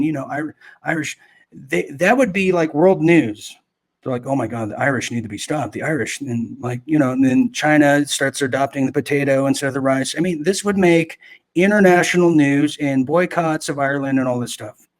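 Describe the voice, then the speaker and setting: A man with a somewhat high voice hosts a live commentary show. He talks sarcastically and rambles, and he keeps breaking in with mocking asides and corrections of himself.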